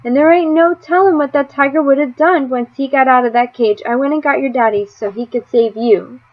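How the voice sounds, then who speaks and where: A woman's voice: sits high, fairly quick, dry recording, lo-fi sound, natural voice. A woman doing a fervent, folksy older housekeeper. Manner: folksy, exclaiming, dialect speech.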